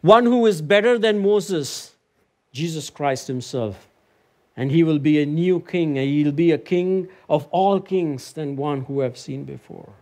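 A man's voice: a little slow, a little mellow. Man preaching with a rising, emphatic voice. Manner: personal storytelling that builds to emphatic high-pitched preaching. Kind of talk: sermon. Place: church sanctuary.

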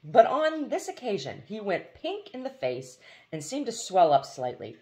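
A woman reading a novel aloud as audiobook narration, expressive, with occasional slips and restarts. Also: medium pitch, moderate pace. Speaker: audiobook reader.

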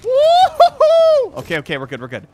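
A man giving excitable, reactive live commentary on his own gameplay, swearing freely. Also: on the high side, normal speed, slight background noise. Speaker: gaming YouTuber. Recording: game gunfire in the background. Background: video game gunfire and clicks.

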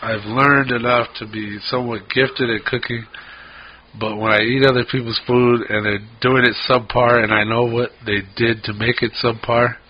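A man's voice: medium pitch, little pitch movement, normal speed, slightly rough. A man co-hosting a podcast, telling rambling stories in casual chat and swearing freely. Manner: profane, rambling storyteller. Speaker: podcast co-host. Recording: dull lo-fi podcast audio.

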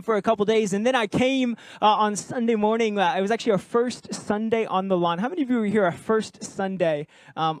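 A man's voice: high voice, no room sound. A man preaching a sermon as pastor, talking in a conversational, jokey way and asking the congregation questions. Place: church service with congregation.

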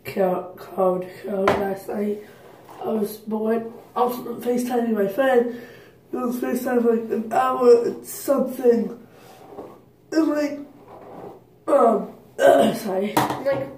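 A woman's voice: on the high side, mellow, slight background noise. A teenage girl rambling through her morning routine in a casual vlog, chatty and full of fillers. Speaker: vlogger. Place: bathroom at home. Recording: roomy echo, voice from a distance.

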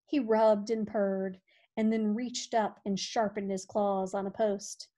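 A woman reading a storybook aloud in a folksy, expressive way that swings from hushed to loud. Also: mid-range voice, slow pace. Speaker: audiobook reader. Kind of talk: storybook narration.

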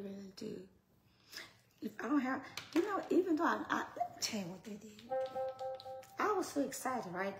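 A woman ministry leader talking casually to her followers, swinging between hushed, whispery asides and loud, laughing outbursts. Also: on the high side. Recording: roomy with faint noise.

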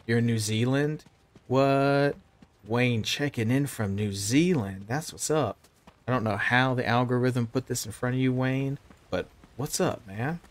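A man in his thirties with a Southern American accent, chatting casually to viewers while narrating his gameplay. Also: mid-range voice. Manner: chatty, talks to himself and to chat while playing. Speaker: game streamer. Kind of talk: live gameplay commentary.

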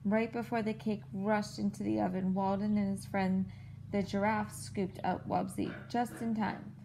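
A woman at home reading a picture book aloud to a child in a clear, patient storytelling manner. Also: mid-range voice, level tone, moderate pace, background noise.

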